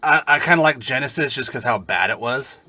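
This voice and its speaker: A man co-hosting a podcast, chatting casually and telling animated, profane stories. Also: mid-range voice, a little fast, no echo. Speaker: podcast co-host. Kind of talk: casual chat.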